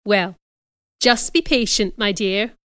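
A woman voicing a gentle, concerned male doctor who asks questions kindly in a storybook reading. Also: mid-range voice, takes it slowly, clear, resonant tone, no room sound, studio quality. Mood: soothing.

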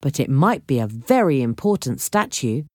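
A woman's voice: very deep voice, very animated, moderate pace, a little mellow, no echo, clean studio sound, pitched below the performer's own voice, exaggerated voice. A woman narrator voicing an eager young man in a storybook, speaking earnestly.

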